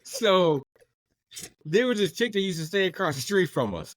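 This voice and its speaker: Animated young man telling stories, dry sound. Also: high voice, normal speed, dry recording. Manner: animated, laughs while telling stories, acts out quoted voices. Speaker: podcast co-host. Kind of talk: casual storytelling.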